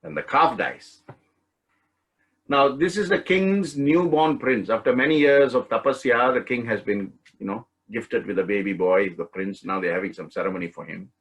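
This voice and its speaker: A man teaching an online spiritual study course, telling a story in a relaxed way and laughing often. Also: lowish voice, moderate pace, slightly rough, rough recording. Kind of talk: storytelling talk. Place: online class session.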